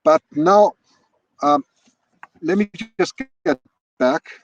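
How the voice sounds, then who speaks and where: A man streams wildlife live from a hilltop, speaking slowly in a fairly high voice as he chats and restarts his thoughts. His external laptop microphone captures him with the upper frequencies cut off.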